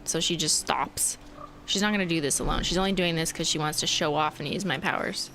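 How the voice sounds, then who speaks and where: A woman's voice: sits low, brisk, sharp tone, slight background noise. A young woman streaming a story game live, chatting playfully, giggling and reacting aloud to what happens. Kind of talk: live gameplay commentary.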